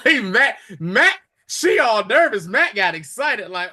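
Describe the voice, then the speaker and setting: This podcast co-host has a high voice and speaks slowly. He's animated while casually recapping a TV episode, playing out the characters' lines as he tells it.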